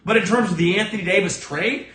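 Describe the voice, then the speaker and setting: Blunt, profane high-voiced man ranting. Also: fast, a bit bright, roomy sound. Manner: acts out other people's lines in a lower voice. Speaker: sports podcast host. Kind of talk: solo opinion rant.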